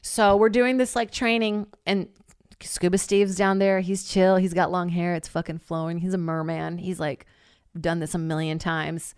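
Animated, swearing woman telling a story. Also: lowish voice, moderate pace, smooth, no echo, studio quality. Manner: animated, swears freely, acts out quoted lines loudly; heavy use of filler "like". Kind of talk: casual storytelling.

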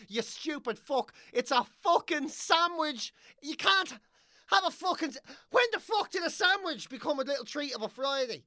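An Irish woman in full comic rant, swearing freely and mimicking people she mocks. Her pitch leaps all over the place, and the sound is dry and close. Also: lively intonation, fairly quick, fairly bright tone, no echo. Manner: sweary, ranting, mocking voices.

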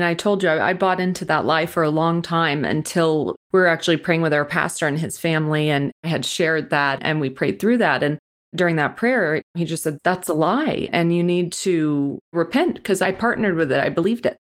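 A woman guest on a podcast, sharing a personal story in a halting, apologetic way while near tears. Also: sits low.

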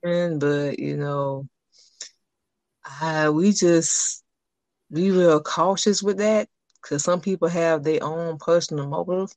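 A woman's voice: low voice, takes it slowly, a little mellow, no echo. A woman hosting a podcast in casual chat, reacting with short interjections and offering advice. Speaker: podcast host.

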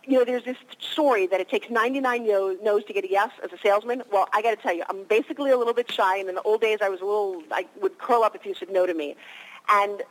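A woman's voice: medium pitch, quick pace, rough recording. A woman in her fifties, a guest on a radio interview, telling stories with energy and animation.

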